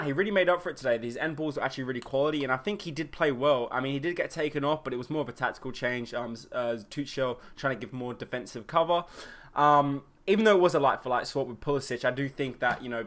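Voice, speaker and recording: A young man hosting a solo football podcast, excitable and opinionated, with plenty of fillers. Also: medium pitch. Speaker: podcast host. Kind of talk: solo football match review.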